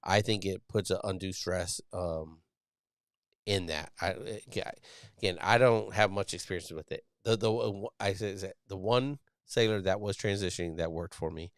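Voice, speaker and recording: With a deep voice at normal speed, a man in his thirties who serves as a Navy sailor hosts a casual live podcast show. The clean studio sound has no room tone, and his blunt speech rambles, heavy on swearing and restarts.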